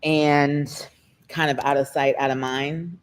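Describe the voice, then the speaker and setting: Emotional woman guest. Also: sits low. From United States. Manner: emotional, expressive, quick shifts in pace. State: near tears. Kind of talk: candid interview conversation.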